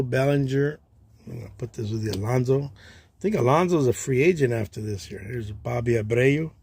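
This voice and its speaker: A man hosting a casual livestream, chatting in a relaxed way and talking to himself as he sorts baseball cards. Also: mid-range voice, gravelly, slightly rough. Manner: relaxed, chatty, talks to himself while sorting. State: tired, yawning. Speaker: livestream host, card collector. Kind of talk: casual livestream chat while sorting cards.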